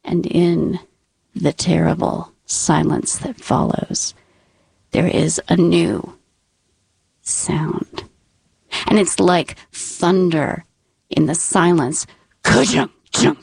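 A woman spins a personal story at an unhurried pace, her humor dry and wry. She sinks into a tense whisper when the story turns scary. The recording is close and dry, with no room sound. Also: lowish voice, fairly even intonation, creaky, darkish tone, breathy edge, no echo.

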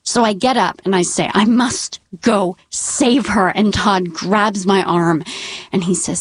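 A woman's voice: fairly low pitch, slow, dry recording. Wry woman storyteller, dry sound. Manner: wry, deadpan, drops to whispers for tense moments. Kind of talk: live personal storytelling.

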